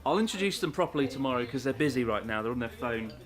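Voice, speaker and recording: A man's voice: medium pitch, lively intonation, quick pace, music in the background. A man narrating a casual vlog from an izakaya, jokey and self-deprecating. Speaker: vlogger.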